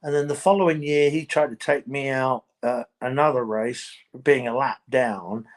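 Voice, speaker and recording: A man who is a former racing driver, chatting casually as a podcast guest, animated and exasperated, often restarting his sentences. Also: medium pitch, moderate pace.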